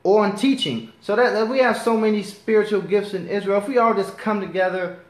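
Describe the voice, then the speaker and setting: Male preacher, slightly high voice, impassioned sermon delivery, echoey room. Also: steady tone, a little fast. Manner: impassioned, rising to righteous anger. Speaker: preacher teaching a class. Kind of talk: sermon with scripture reading.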